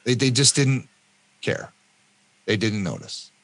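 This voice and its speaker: A Canadian man in his fifties, a podcast guest telling his own story in a lively way and acting out what other people said. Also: medium pitch, slow pace, no echo. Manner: animated, acts out other people's lines. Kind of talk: personal storytelling in an interview.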